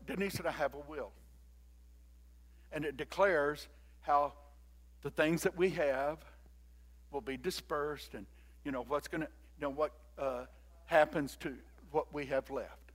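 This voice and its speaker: An older man preaching a sermon and leading the congregation in call-and-response, moving between quiet talk and loud exhortation. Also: on the high side, unhurried, long pauses. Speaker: pastor.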